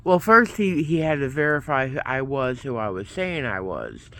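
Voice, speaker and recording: A man's voice: medium pitch, sing-song, moderate pace, bright, forceful tone, slight background noise. A man vlogging casually, rambling through a story and acting out both sides of the conversations. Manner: rambling, retells events with quoted back-and-forth.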